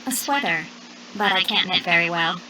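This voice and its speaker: A woman voicing a speaker in a scripted textbook dialogue, reading plainly and clearly, recorded distant with noticeable background noise. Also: fairly low pitch, normal speed, pushed and bright.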